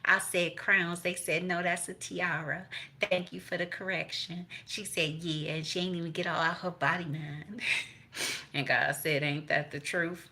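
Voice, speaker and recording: A woman's voice: on the low side, level tone, measured pace, pushed and bright. Blunt, foul-mouthed woman reading tarot. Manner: profane, blunt, chatty, quotes people in voices. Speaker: tarot reader. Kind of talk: casual tarot reading to viewers.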